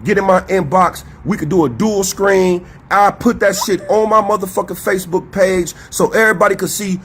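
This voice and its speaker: A man's voice: sits high, moderate pace, hardly any pauses, slightly rough. A man co-hosting a podcast, ranting in a profane, confrontational, emphatic way. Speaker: podcast co-host. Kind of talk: heated casual commentary.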